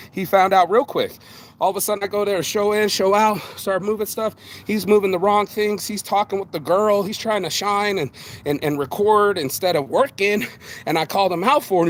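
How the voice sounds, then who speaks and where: Blunt, profane man ranting outdoors. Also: high-pitched. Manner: blunt, profane, streetwise, calls everyone bro. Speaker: vlogger. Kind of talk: ranting walk-and-talk vlog. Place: outdoors, picking up litter.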